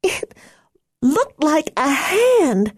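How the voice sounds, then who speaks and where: A woman voicing a frightened teenage girl who talks in a high, trembling, crying voice in an audiobook. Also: big pitch swings, takes it slowly, no echo, studio quality, full character voice. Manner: high trembling breathless pleading. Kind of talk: audiobook character voice.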